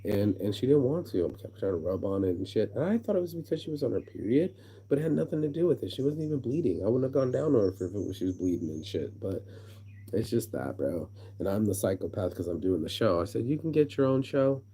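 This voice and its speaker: Rambling, profane American man with a husky voice. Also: fairly low pitch, lively intonation, fast, warm tone. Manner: profane, rambling, repeats words when worked up. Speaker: vlogger. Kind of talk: casual rant to camera. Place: outdoors in a hammock.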